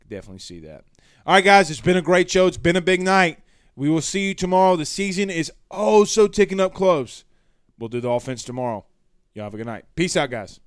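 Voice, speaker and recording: A man hosting a sports show in casual chat, reading out viewer comments in a blunt, animated way with some trash talk. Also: a little high, brisk, clear, resonant tone, no echo, studio quality.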